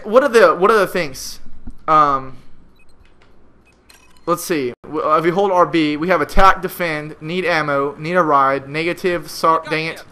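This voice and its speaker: Young man ranting bright and frustrated. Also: fairly high pitch, a little hiss or hum. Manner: frustrated, exasperated ranting with sudden loud outbursts. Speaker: gamer. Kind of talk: gameplay commentary rant.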